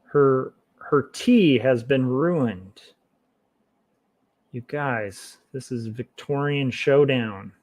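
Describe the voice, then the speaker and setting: A man streaming while he draws comics, chatting casually and thinking aloud in a relaxed, self-mocking way. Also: medium pitch, drawn-out words. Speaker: comic artist streaming his work. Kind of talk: casual livestream commentary while drawing.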